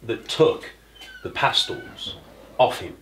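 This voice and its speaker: A man's voice: takes it slowly, a bit bright, slight background noise, poor audio. A man moderating a casual round-table talk, easygoing and encouraging, passing the turn to others.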